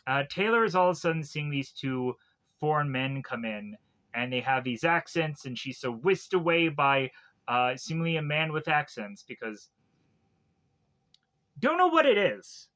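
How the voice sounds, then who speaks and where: A man's voice: mid-range voice, moderate pace, fairly bright tone. A man, a streamer, rambling casually through a film recap and personal stories, full of fillers and asides.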